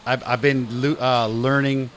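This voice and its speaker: A man's voice: medium pitch, flat delivery, measured pace, a bit bright. Upbeat middle-aged male talk host. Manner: upbeat, calls guest brother and man. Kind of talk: casual interview chat.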